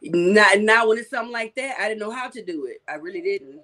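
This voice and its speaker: A woman's voice: mid-range voice, expressive, a little fast, bright, forceful tone, slight background noise. A woman co-hosting a casual podcast chat, playful, telling stories and laughing often. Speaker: podcast co-host.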